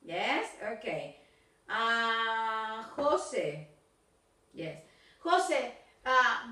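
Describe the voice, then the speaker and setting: A woman's voice: a little high, sing-song, takes it slowly, bright, forceful tone. A woman with an Argentine Spanish accent teaching an English class, switching between Spanish and English as she corrects pronunciation. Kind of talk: recorded video class. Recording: roomy, from a distance.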